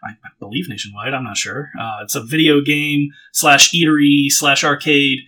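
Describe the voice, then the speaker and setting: Husky, bright-voiced male podcast guest. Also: medium pitch, steady tone, poor audio. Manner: halting, many fillers and restarts. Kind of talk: casual chat.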